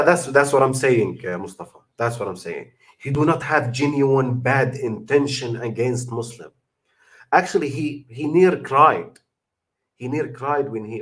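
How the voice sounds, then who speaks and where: Young guy, casual livestream talk, lots of uhs and restarts, mid-pitched, gets emphatic. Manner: non-native English with many fillers and restarts, emphatic. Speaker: channel host reacting to a video.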